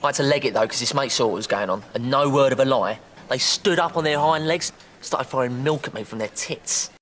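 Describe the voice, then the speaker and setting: An actor playing a crude, boastful teenage schoolboy with an English accent who tells tall tales as fact. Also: male voice, mid-range voice, a little fast, a bit bright, slight background noise, close to an everyday voice. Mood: bragging.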